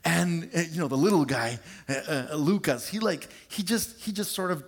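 A middle-aged male pastor preaching a sermon, animated and confessional, joking with his congregation and stretching words out for emphasis. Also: moderate pace. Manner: animated and confessional, draws out words, shifts pitch sharply for emphasis; lively, joking asides to the congregation.

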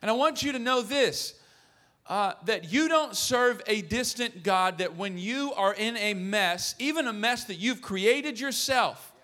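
Bright-voiced man preaching a sermon. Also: high-pitched, lively intonation, unhurried. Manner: earnest, joking asides to the congregation. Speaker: pastor.

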